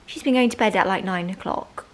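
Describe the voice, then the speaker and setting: A woman's voice: medium pitch, fairly quick. A young woman, chatting casually and self-deprecatingly in a home vlog. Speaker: vlogger.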